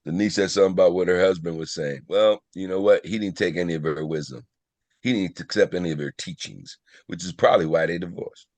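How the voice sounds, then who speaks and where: Deep-voiced man, off the mic. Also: fast talker, darkish tone, no echo.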